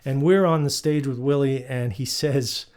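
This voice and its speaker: A man hosting his guitar channel, telling stories in a relaxed, rambling way with many fillers. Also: mid-range voice, moderate pace. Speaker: guitarist host. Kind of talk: casual storytelling.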